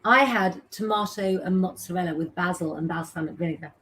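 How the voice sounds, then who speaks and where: A woman's voice: fairly low pitch, a little fast, fairly bright tone, a little hiss or hum. A middle-aged woman hosting a casual live stream, chatting as she reads out viewers' names and messages and giving tarot advice.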